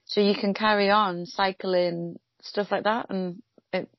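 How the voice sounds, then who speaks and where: A woman's voice: medium pitch, fairly even intonation, a little slow, dry recording. A woman in sympathetic, chatty conversation. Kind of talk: casual chat. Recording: dull lo-fi dry sound.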